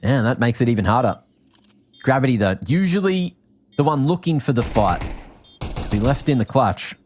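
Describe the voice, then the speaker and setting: A man from Australia with an Australian accent, calling esports play-by-play with quick, excited reads of the action. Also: mid-range voice, a little hiss or hum. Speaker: esports caster. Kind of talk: play-by-play commentary.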